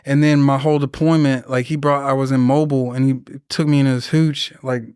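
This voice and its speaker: A man's voice: medium pitch, flat delivery, fairly quick, darkish tone, clean tone, dry recording, studio quality. A man in his thirties, a Marine veteran guest on a podcast, telling rambling, profane war stories and acting out the people he quotes. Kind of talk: casual storytelling interview.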